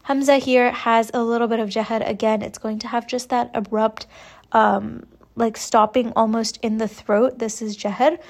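A young woman teaching Quran recitation rules, explaining each point slowly and patiently. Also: a little high, steady tone. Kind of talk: step-by-step tajweed lesson.

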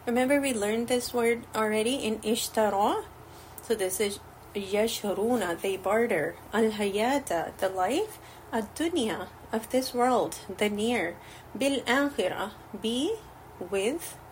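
Slow, patient woman teaching word by word. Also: medium pitch, expressive, a little hiss or hum, low-quality recording. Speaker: Arabic teacher. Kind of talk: word-by-word Quranic Arabic lesson.

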